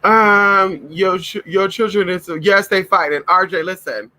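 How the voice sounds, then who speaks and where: A man's voice: high-pitched, unhurried, bright, forceful tone, poor audio. A man chatting casually in a home vlog, sassy and profane, talking to viewers and calling his dogs. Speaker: vlogger.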